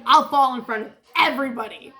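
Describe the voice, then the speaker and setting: A woman's voice: high voice, brisk, pushed and bright. A woman telling a rambling story in a casual vlog, laughing often and swearing freely. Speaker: vlogger.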